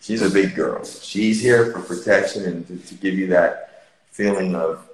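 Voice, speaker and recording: A man with a fairly low voice walks through an indoor studio, talking in a relaxed and enthusiastic way. He repeats his phrases as he points things out. The sound is caught on a phone with noticeable room echo. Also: a little slow. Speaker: studio owner giving a tour. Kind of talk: casual walkthrough on a live stream. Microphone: phone live stream.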